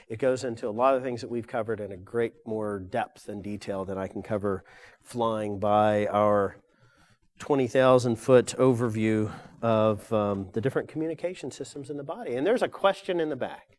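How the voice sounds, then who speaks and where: A man's voice: on the low side, normal speed, darkish tone. An older man giving a live lecture to an audience, rambling along with frequent fillers and self-corrections.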